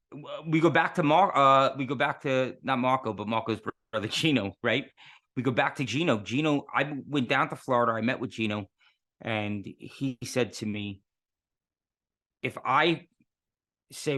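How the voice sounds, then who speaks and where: A man talks as an interview guest, his pitch in the middle of the range. He tells his stories in earnest and works through them with rhetorical questions. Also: moderate pace, a bit bright. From New York City. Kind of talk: casual interview talk.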